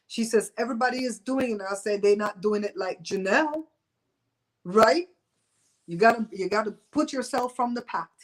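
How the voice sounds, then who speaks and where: Woman from Belize, fifties, livestream host, casual chat, teasing, opinionated, mid pitch. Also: low-quality recording. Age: 50s. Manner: chatty, loose, teasing and opinionated. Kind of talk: casual live-stream chat with viewers. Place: home.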